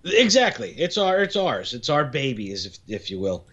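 A man's voice: medium pitch, big pitch swings, normal speed, fairly bright tone, slightly rough. A laid-back man rambles casually on a call, laughing often as he talks. His voice comes through slightly dull, with the faded tone of internet call audio. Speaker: guest on a podcast. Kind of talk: casual chat. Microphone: call over the internet.

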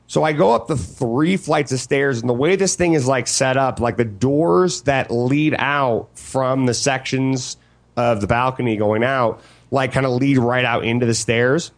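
A man co-hosting a casual chat, retelling an encounter in an animated, profane way. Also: medium pitch, unhurried.

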